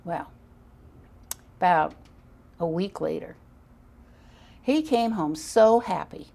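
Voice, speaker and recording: A woman's voice: fairly low pitch, lively intonation, slow, vocal fry, warm tone. An older woman as an interview guest on parenting, telling stories in an earnest, emphatic way. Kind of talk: interview storytelling.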